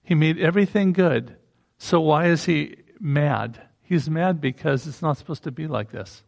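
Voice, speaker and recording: A man's voice: fairly high pitch, normal speed, vocal fry, muffled recording. A man preaching a sermon in a conversational way, breaking into emphatic rising bursts.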